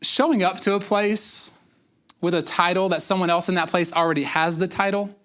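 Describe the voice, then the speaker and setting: A man's voice: high-pitched, fairly even intonation, moderate pace, fairly bright tone. A man pastor giving a conversational sermon, acting out quotes and repeating words for emphasis. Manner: conversational preaching with acted-out quotes and repetitions.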